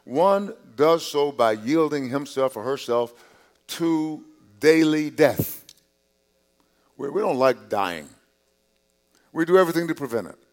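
A male pastor preaching a sermon in a conversational way, repeating and restarting words, dropping to quiet asides and rising on key points. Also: a little high, lively intonation, a little slow, long pauses. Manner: drops to quiet asides, rises on emphasis.

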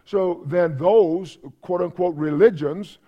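A man's voice: on the high side, moderate pace, highs cut off. A man preaching a sermon in a conversational way, repeating himself and checking in with the congregation. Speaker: pastor.

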